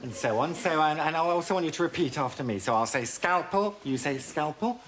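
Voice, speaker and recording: Camp, arch man with a lively voice. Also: fairly high pitch, brisk. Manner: camp, arch, full of saucy innuendo. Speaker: sitcom lead playing to a studio audience. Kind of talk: camp sitcom performance with audience interaction. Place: TV studio set before a live audience. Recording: TV studio with loud audience laughter and hiss.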